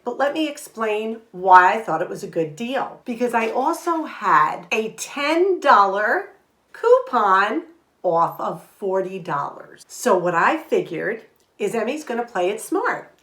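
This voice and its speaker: An older woman talks to the camera in a chatty, lively way, telling a story and acting out what people said. Her pitch sits in the middle range. The room around her is echoey, and the sound comes from a camera mic at home. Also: unhurried. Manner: chatty and animated, retelling with quoted dialogue. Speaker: vlog host. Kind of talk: casual storytelling vlog.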